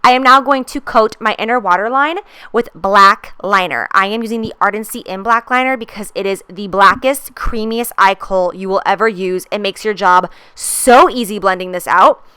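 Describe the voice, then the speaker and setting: A woman's voice: mid-range voice, normal speed, pushed and bright, clear, resonant tone, no echo. A woman in her twenties narrating a makeup tutorial in a chatty, gushing way. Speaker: beauty vlogger.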